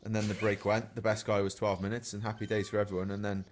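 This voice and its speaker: A man's voice: fairly low pitch, little pitch movement, fast talker. A man, a professional cyclist, telling race anecdotes in a casual podcast chat, chuckling now and then as he goes.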